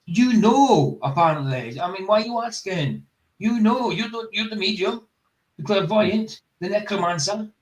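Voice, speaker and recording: A man's voice: high-pitched, animated, moderate pace, low-quality recording. A man hosting a casual reaction stream, bluntly skeptical and firing off rhetorical questions. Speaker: host.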